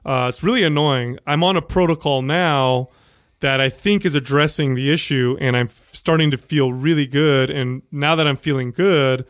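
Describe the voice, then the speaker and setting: A man co-hosting a podcast in casual chat, chatty and teasing with quick interjections. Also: mid-range voice, fairly bright tone, smooth, dry recording, studio quality. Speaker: podcast co-host.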